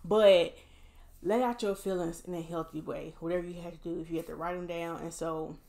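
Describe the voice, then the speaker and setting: Low-voiced woman, candid heartfelt vlog. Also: steady tone, brisk, gravelly, darkish tone. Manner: candid and encouraging, addresses viewers directly. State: emotionally drained after a hard day. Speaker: vlogger. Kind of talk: casual heartfelt vlog talk.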